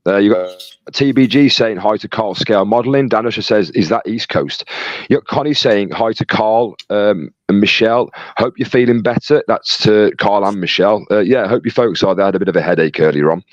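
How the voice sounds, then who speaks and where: A man's voice: on the low side, normal speed, no echo, lo-fi sound. A man co-hosting a casual livestream, reading out chat messages in a jokey, chatty way. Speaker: co-host reading live chat.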